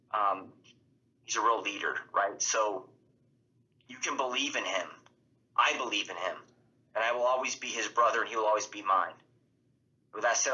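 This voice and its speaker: A man's voice: fairly low pitch, pushed and bright, highs cut off. A man speaking as a podcast guest, earnest and heartfelt, repeating his phrases as he talks. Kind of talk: heartfelt casual tribute.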